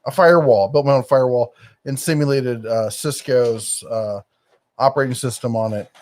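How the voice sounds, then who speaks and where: A man's voice: mid-range voice, fairly even intonation, normal speed, darkish tone. Rambling middle-aged man on a live stream. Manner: rambling, searches for words with many fillers. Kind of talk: casual live-stream chat.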